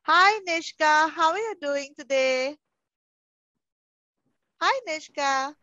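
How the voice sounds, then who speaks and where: High, bright-voiced teacher on a video call. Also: female voice, animated, slow pace, dry recording. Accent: Indian English. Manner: coaxing, affectionate, calls children darling. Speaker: pre-school teacher. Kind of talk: online class with young children. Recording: muffled video call audio.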